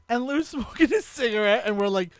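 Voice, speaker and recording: A podcast co-host with an extremely high, expressive, smooth voice tells a story at normal speed in casual chat. He laughs as he goes and swears freely, and the recording is dry.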